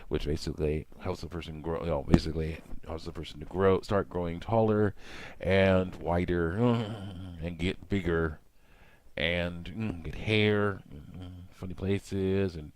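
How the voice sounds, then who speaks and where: A man's voice: sits low, fairly even intonation, a little slow, darkish tone, slight background noise. A man talking casually while working with his hands, rambling and padding his talk with hums of "mm" and "you know", often acting out his own remarks.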